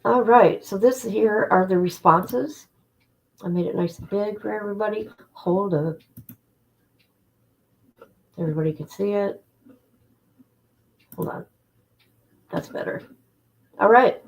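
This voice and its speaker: A woman's voice: medium pitch, unhurried, pauses often, low-quality recording. A woman hosting a casual livestream, greeting her chat and reading legal documents aloud with offhand asides. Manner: chatty, reads legal text aloud with asides. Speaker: livestream host.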